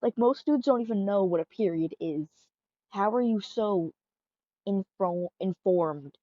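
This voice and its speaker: A woman's voice: medium pitch, measured pace, no echo, highs cut off, natural voice. A woman playing a playful, teasing young girlfriend in a fan audio role-play.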